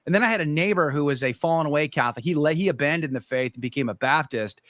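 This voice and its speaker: A man's voice: a little high, lively intonation, quick pace, a bit bright, no room sound, clean studio sound. A middle-aged man, a podcast guest, animatedly telling his conversion story in casual conversation and acting out his own past thoughts.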